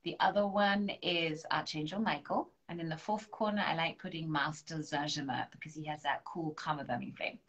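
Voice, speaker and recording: A woman with a lowish voice, working as a spiritual coach, does an angel card reading on a live stream. She gently encourages viewers and leads affirmations aloud.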